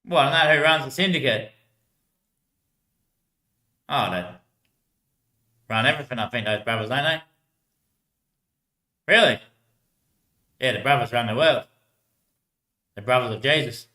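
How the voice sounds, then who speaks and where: Rambling Australian man, bright edge. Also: medium pitch, unhurried, long pauses, echoey room. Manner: rambling, laughs often, drops his voice at the ends of lines. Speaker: homeless man telling stories. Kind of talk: rambling casual storytelling.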